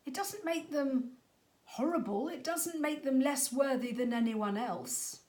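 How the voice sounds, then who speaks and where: A woman's voice: high-pitched, unhurried, darkish tone. A middle-aged woman, talking to parents as a parenting coach in an earnest, conversational way that sometimes stumbles over words. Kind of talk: talk to parents. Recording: echoey room.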